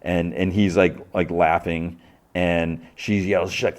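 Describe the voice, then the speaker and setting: A man's voice: deep voice, flat delivery, slow pace. A man hosting a podcast, casually recapping a TV episode with stumbling restarts and questions to himself. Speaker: podcast host.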